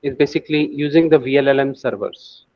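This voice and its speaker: A man's voice: medium pitch, steady tone, brisk, dry recording, muffled recording. A man teaching a screen-share coding lesson, thinking aloud with many fillers and restarts. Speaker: AI course instructor.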